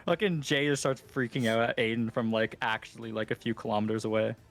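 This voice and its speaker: A young man playing a superhero tabletop game, excitable and cursing often in casual talk. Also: mid-range voice, quick pace, faint music behind. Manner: excitable, swears a lot. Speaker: player.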